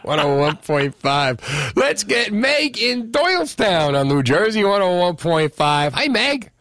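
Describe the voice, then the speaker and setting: A man's voice: high voice, very animated, unhurried, a bit bright, no echo. A male radio host running a call-in show, joking and bantering energetically. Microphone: studio microphone.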